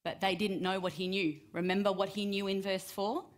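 A woman's voice: mid-range voice, level tone, normal speed. A woman preaching, reading and retelling a scripture story and acting out the quoted voices with rising emphasis.

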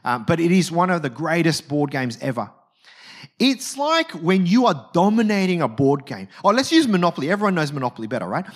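A male preacher giving a conversational, animated sermon and often checking in with his listeners. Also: on the high side, a little fast.

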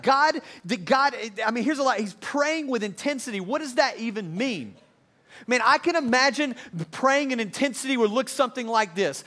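A man with a high voice preaches a sermon. He is an earnest pastor who repeats his phrases and builds emphasis. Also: a bit bright. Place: church service before a congregation.

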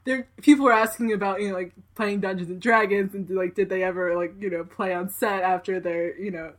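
A woman's voice: medium pitch, fairly even intonation, brisk. Giggly rambling woman telling a story. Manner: rambling, many fillers, giggly. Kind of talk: casual chat, storytelling.

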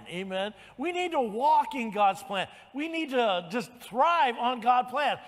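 An older man preaches as pastor in a very high voice that sounds like it fills a big room. He retells the story with animated storytelling, acting out the quoted lines and calling out "amen."

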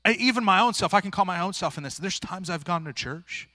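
A man's voice: sits high, lively intonation, brisk, pushed and bright, no room sound. A male pastor preaching a sermon in a plain-spoken, earnest, informal way, restarting phrases often. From rural area.

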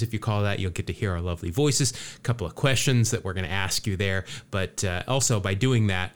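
A man hosting a casual podcast, joking around and rambling, with a lot of fillers and restarts. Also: on the low side. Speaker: podcast host.

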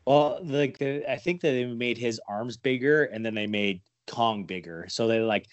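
A man's voice: mid-range voice, normal speed, dry recording, dull audio. A man chatting casually as a podcast co-host, rambling and profane, poking fun at himself. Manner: rambling, profane, self-mocking theorizing. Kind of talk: casual chat.

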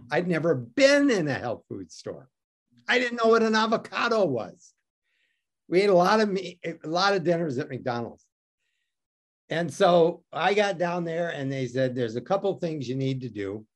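Interview guest: man from Detroit, lively wry storyteller with a swinging pitch. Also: measured pace. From Detroit, USA. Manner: wry, self-mocking, acts out quoted dialogue. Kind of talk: animated storytelling.

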